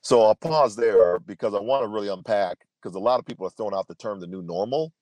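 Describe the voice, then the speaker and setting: A man's voice: lowish voice, quick pace, a little mellow, no room sound. A man in his fifties, a podcast guest, telling a personal story in an earnest, emphatic way, often restarting his sentences. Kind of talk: storytelling interview answer.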